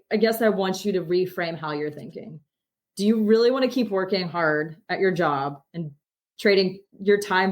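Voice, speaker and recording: A woman with a fairly low voice co-hosting a podcast. She talks in a relaxed, upbeat way, laughing often and tossing out ideas to her partner. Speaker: podcast co-host. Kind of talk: casual podcast chat.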